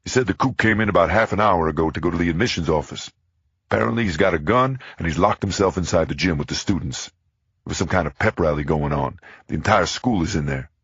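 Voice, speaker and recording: Narrator as a brisk young captain, very deep husky voice. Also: male voice, fairly bright tone, dry recording, muffled recording, heavily acted. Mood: briefing. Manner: briefing, matter-of-fact. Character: young male police captain.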